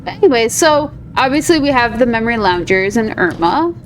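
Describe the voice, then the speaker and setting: A woman's voice: a little high, big pitch swings, brisk, slight background noise. A woman hosting a gaming video, chatting casually and upbeat over gameplay. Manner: chatty, upbeat, lots of fillers like "like".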